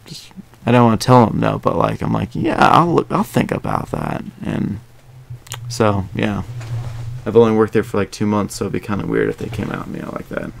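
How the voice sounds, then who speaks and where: A man's voice: on the low side, steady tone, fairly quick, vocal fry, darkish tone, a little hiss or hum. A young man hosting a casual podcast, rambling with lots of fillers and restarts. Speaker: podcast host.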